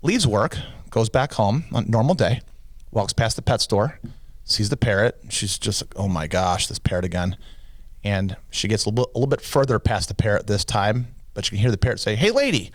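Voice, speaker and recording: A man co-hosting a podcast, telling a long joke in casual chat and pitching his voice up to play the characters. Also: a little fast, dry recording. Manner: animated storyteller, pitches voice up for characters. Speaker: podcast co-host.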